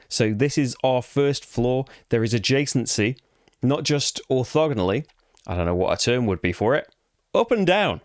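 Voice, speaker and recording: A man's voice: medium pitch, no echo, studio quality. Chatty man explaining board game rules. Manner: chatty, rambling, with frequent fillers and restarts. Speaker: board game channel host.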